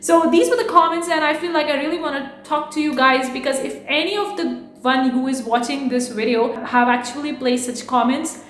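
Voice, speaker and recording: A fast-talking woman with a non-native English accent, speaking frankly and defensively to camera as an online business YouTuber. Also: high voice, fairly bright tone. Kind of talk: casual talk to camera. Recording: echoey room.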